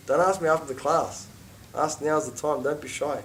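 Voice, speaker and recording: Animated man teaching a class. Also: on the high side, normal speed, distant mic. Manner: animated, conversational, with asides and mock quotes. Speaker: religious teacher. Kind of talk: informal class lecture.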